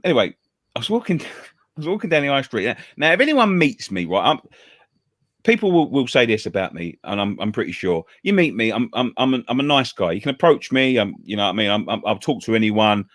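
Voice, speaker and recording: Bloke telling a story on a fan show, lots of swearing and stammering, very lively voice, dry sound. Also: male voice, mid-range voice, fairly quick, no room sound. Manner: animated storyteller, stammers and repeats words, swears freely; acts out other people's lines in a raised voice. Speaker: show co-host. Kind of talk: casual pub-style chat, telling a story.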